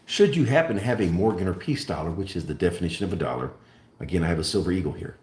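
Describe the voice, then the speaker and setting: A man hosting a live stream, speaking emphatically and deliberately, repeating key points like a lecturer. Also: low voice, expressive, a little mellow, echoey room. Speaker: host. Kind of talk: live-stream monologue on precious metals.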